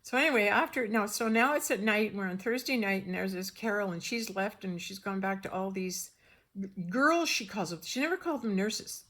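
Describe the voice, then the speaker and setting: An older woman telling a personal story in a rambling, animated way, acting out the dialogue. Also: mid-range voice, fairly quick. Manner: rambling, animated, acts out dialogue in shifting voices.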